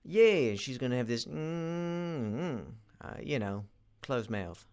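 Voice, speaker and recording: Slow and smooth, a medium-pitched man with lively intonation and a little mellowness talks through his animating. The independent animation creator's casual work vlog is mostly him thinking aloud, rambling with frequent restarts and fillers.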